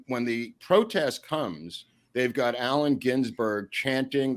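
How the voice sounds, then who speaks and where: A man telling stories as an interview guest, animated and often laughing mid-sentence. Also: medium pitch. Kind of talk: storytelling anecdotes in an interview.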